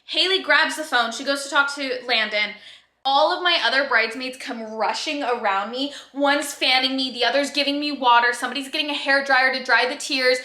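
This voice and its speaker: A young woman in her twenties telling a story to her vlog viewers, animated and chatty, full of "like" and quick rushes of excitement. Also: high voice. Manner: animated, breathless storytelling with lots of "like". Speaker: vlogger. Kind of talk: casual storytelling. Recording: echoey room.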